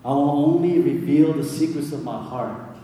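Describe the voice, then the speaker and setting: A man voicing God as a calm, commanding presence, speaking low and earnestly in his own voice. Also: moderate pace, a little hiss or hum, close to an everyday voice. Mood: solemn. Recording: echoey hall from far off.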